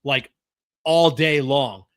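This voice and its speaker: A middle-aged man co-hosting a podcast, talking casually and gruffly with plenty of swearing, close to the mic. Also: medium pitch, takes it slowly, no room sound. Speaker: podcast co-host. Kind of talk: casual chat.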